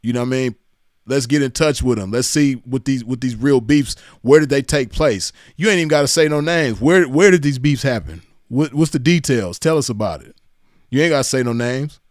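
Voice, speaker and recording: A man's voice: medium pitch, fairly quick, no echo, clean studio sound. A man from Los Angeles County with a Southern California accent, hosting casual reaction commentary in a mocking tone and laughing often. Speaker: commentary host reacting to clips.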